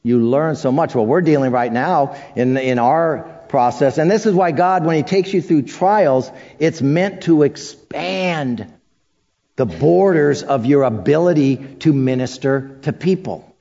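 A man's voice: on the high side, measured pace, warm tone. A man preaching a sermon, telling stories about his past with self-deprecating humor. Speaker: pastor. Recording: dull sound with long reverb.

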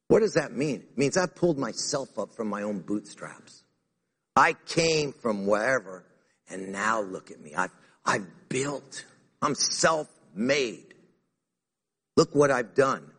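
A man preaching a sermon to a church congregation in an animated way, acting out the words he quotes. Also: mid-range voice, slow pace, vocal fry, slightly rough. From United States. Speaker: pastor. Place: church sanctuary. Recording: reverberant hall.

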